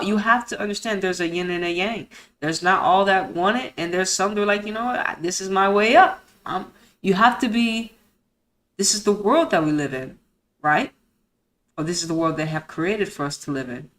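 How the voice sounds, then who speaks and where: A woman's voice: mid-range voice, fairly bright tone. A woman streamer in a mid-range voice reads from a document, then cuts in with outspoken, profane commentary. She peppers her takes with slang and pointed rhetorical questions, and her indignation runs all through it. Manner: blunt, profane and indignant, breaking into heated rants. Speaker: streamer host. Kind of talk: reading a report aloud with live commentary.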